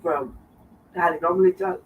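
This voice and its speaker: A woman's voice: fairly low pitch, fairly even intonation, moderate pace, recorded from a distance, narrow, tinny audio, background noise. A woman with a Southern accent, chatting rambling and repetitive on a livestream. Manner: rambling, repeats herself. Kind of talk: casual livestream chat. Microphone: far from the mic.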